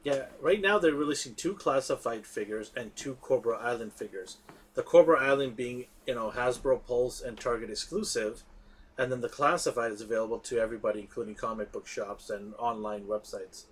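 A man's voice: mid-range voice, brisk, slightly rough. A man co-hosting a podcast in casual chat, emphatic, often restarting and repeating his words. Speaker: podcast co-host.

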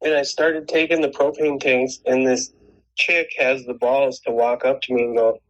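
A man's voice: medium pitch, flat delivery, moderate pace, a bit bright, low-quality recording. A man telling a long personal story in casual chat, rambling and swearing, with many restarts. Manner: rambling, profane, frequent restarts.

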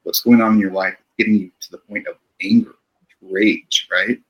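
Calm low-voiced male therapist. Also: normal speed, dull audio. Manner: calm, reflective, often ends with "right?". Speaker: therapist guest. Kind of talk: podcast conversation.

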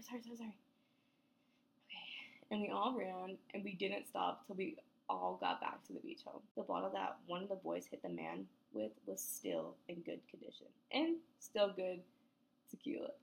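A woman's voice: mid-range voice, vocal fry, sharp tone. A woman podcast host recording blooper outtakes, flustered, laughing and restarting lines while apologizing to her editor. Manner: frequent laughter.

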